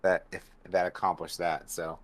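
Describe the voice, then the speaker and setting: Male panelist, loose casual talker with a somewhat low voice. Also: little pitch movement, moderate pace. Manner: rambling, heavy on fillers like "you know". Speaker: podcast panelist. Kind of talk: casual book discussion.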